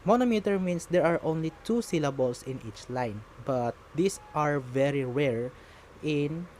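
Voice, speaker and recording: Slow, patient man explaining step by step. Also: on the high side, darkish tone, a little hiss or hum. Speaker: teacher. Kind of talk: slow classroom lecture.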